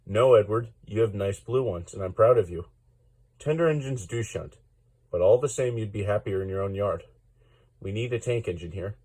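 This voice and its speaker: A stern, portly railway boss, as a man reads him aloud, speaking in a low, husky voice. His manner is firm and formal, straight out of a storybook. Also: normal speed, a little mellow. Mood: kind.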